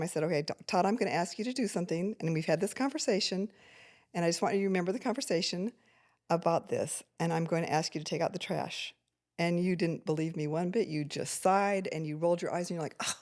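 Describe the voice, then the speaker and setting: An older woman, a mother on a family podcast, telling a story and acting out the people in it. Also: on the low side. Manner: animated storyteller who acts out quoted voices.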